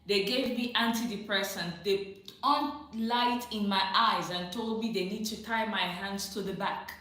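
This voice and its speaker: A woman's voice: medium pitch, fairly even intonation, measured pace, bright, forceful tone. A woman hosting a casual livestream, reading viewer questions aloud and answering them directly, often laughing and repeating her advice for emphasis. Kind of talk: casual live chat, reading and answering comments. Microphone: phone or computer mic on a livestream. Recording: very echoey room.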